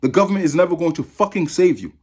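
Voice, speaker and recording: Husky man in his thirties, fired-up profane rant to camera, voice swings up and down a lot. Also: fairly high pitch, expressive, quick pace, a little mellow. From Massachusetts. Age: 30s. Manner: profane, heated, repetitive. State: angry. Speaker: vlogger.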